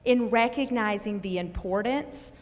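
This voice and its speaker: In a large hall with reverberant sound, a woman physician speaking with an Eastern North Carolina accent introduces the keynote to a live audience with enthusiasm. She has a medium-pitched, darkish voice and keeps a measured pace.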